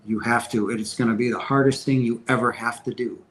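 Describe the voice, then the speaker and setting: With a steady, fairly bright mid-range voice and a brisk delivery, a man answers viewer questions on a casual livestream. The audio is poor with a little hiss or hum, and his spiritual talk is earnest and emphatic, full of restarted sentences.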